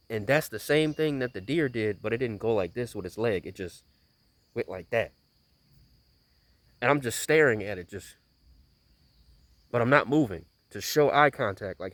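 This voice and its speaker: A man's voice: medium pitch, expressive, moderate pace, pauses often, no echo. Rambling man vlogging outdoors. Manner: rambling, repeats himself, emphatic. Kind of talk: casual vlog storytelling. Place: outdoors on a small bridge.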